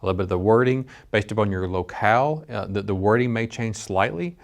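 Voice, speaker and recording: Gravelly low-voiced male dispatch instructor. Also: brisk. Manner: conversational, earnest, many restarts. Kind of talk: training lecture with personal story.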